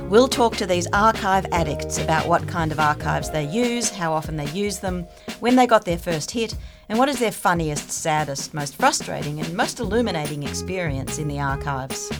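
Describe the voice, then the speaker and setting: A woman's voice: on the low side, animated, normal speed, music in the background. Playful woman hosting a podcast. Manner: playful, teasing. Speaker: podcast host. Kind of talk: scripted introduction, then casual chat.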